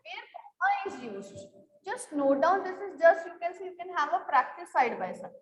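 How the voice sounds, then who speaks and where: Woman teacher, high-pitched, repetitive classroom questioning, reverberant room. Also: very animated, normal speed, a little hiss or hum. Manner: repeats questions to the class, fills with "you can say". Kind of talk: classroom grammar lesson. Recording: echoey room with long reverb.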